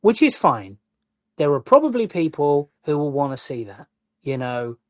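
A man, a guest co-host and wrestling columnist, ranting in an animated, exasperated way during casual podcast chat. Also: on the high side, moderate pace, no room sound.

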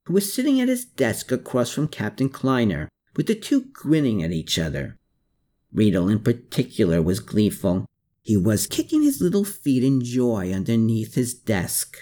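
A male narrator reads a novel aloud in steady, scripted storytelling. His pitch rises and falls in a lively way. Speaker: audiobook narrator.

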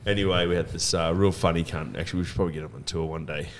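A man's voice: low voice, fairly even intonation, racing, slight background noise. A man co-hosting a podcast, joking bluntly and swearing freely. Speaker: podcast co-host. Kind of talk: casual banter.

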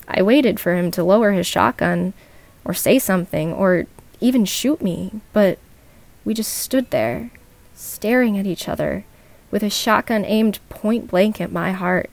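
A woman hosting a podcast, reading a true scary story aloud in a measured way with slow dramatic pauses. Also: mid-range voice, vocal fry, darkish tone, dry recording. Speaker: podcast host and narrator.

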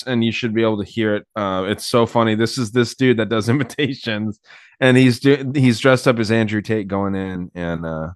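A man's voice: fairly low pitch, no echo, clean studio sound. A man hosting a podcast, chatting casually and crudely with lots of fillers. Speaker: podcast host. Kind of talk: casual chat.

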